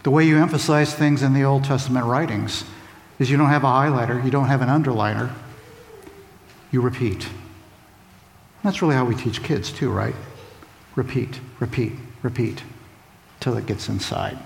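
A man's voice: mid-range voice, normal speed, gravelly, pauses often, slight background noise. A man preaching a sermon, emphatic and repeating phrases for stress. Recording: echoey hall with faint ambience.

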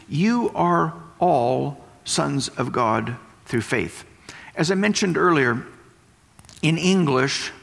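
A man's voice: fairly high pitch, creaky, fairly bright tone. A man preaching a sermon, explaining and repeating points for emphasis. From West Texas. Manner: explanatory, emphatic teaching with repetition. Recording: long hall reverb.

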